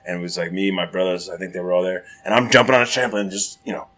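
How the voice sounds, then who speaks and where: A man telling a story in a casual, profane, rambling chat, growing loud and animated at the dramatic moments. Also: sits low, racing.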